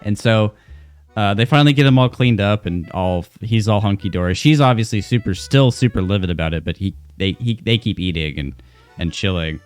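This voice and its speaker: A young man streamer rambling through a funny story, animated and cursing freely, full of restarts. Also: fairly low pitch, a little fast, smooth, soft background music. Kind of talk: casual storytelling.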